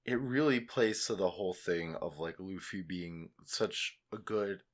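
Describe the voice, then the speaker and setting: A man co-hosting a podcast in casual chat, measured and reflective as he talks things over. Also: deep voice. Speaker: podcast co-host.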